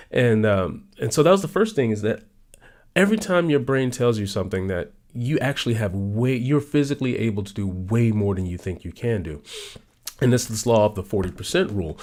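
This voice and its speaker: A man's voice: medium pitch, a little mellow. A man giving an emphatic motivational talk on his own channel. He repeats his main points and pushes his voice sharply upward when he stresses them. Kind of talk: motivational talk about a book.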